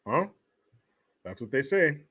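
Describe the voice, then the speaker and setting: A man's voice: medium pitch, sing-song, slow pace, sharp tone, husky. A man hosting a comedic political commentary show, talking in a crude, sarcastic way and laughing often. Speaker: host.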